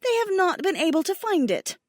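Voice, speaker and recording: A woman's voice: very high-pitched, sing-song, fairly quick, dry recording, studio quality, voice pushed up. A woman voicing a proud, furious female dragon queen scolding her mate in an audiobook. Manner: sharp, indignant, raised voice.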